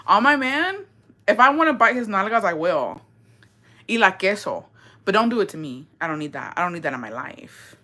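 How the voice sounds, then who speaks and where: A young woman hosting and reading viewer stories in a casual, animated chat, swearing freely and mixing in Spanish words. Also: mid-range voice. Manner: bursts of laughter and dramatic reactions.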